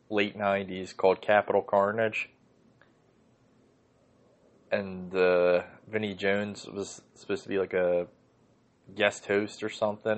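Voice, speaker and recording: Low-voiced, profane man ranting. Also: highs cut off. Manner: profane, rambling, with frequent fillers and throat-clearing. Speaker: podcast host. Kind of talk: ranting casual monologue.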